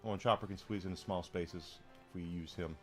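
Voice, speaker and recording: A man's voice: sits low, steady tone, fairly quick, over music. A man streaming a video game, chatting casually with viewers and commenting on what he finds. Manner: chatty, talks to chat readers between game remarks.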